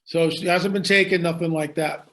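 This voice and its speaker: A man's voice: fairly high pitch, steady tone, normal speed, a bit bright. A man telling a story in conversation, emphatic and dramatic, repeating lines for effect. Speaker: guest storyteller.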